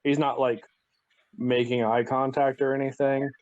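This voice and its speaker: A man's voice: medium pitch, flat delivery, moderate pace, darkish tone, dry recording. Male player, hedging explainer, muffled dry mic. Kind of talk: casual tabletop game play. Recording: dry dull lo-fi microphone.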